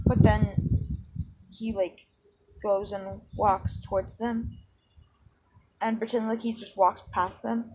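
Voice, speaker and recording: A woman's voice: on the high side, a little mellow, rough recording. A woman casually retelling a fan story, rambling and self-deprecating, with lots of ums and likes. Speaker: channel host. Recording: background hiss.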